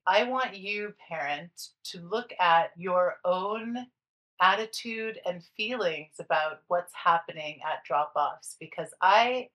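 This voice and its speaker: बातूनी अंदाज़ में बोलती महिला होस्ट. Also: female voice, lowish voice, a bit bright, poor audio. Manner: emphatic, hedging restarts. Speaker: podcast co-host, former nanny. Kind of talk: casual chat.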